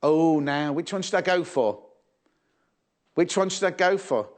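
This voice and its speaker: A middle-aged man hosting live studio shopping TV, full of chatty asides as he reads out viewer messages. His voice sits a little high and swings about a great deal. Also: expressive, measured pace. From England. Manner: chatty, fussing aloud, reading out viewer messages. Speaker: shopping channel presenter. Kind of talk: live sewing shopping TV chat.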